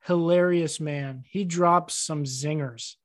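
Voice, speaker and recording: A woman's voice: low voice, slow pace, no echo, studio quality. A woman co-hosting a radio show, running a bracket game with playful, teasing banter. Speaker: radio co-host.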